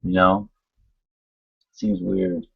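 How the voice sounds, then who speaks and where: Husky low-voiced man rambling on a call. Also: little pitch movement, drawn-out words. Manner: rambling, many fillers and restarts. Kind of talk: casual online call chat. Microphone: computer mic on a video call. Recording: dull lo-fi online call audio.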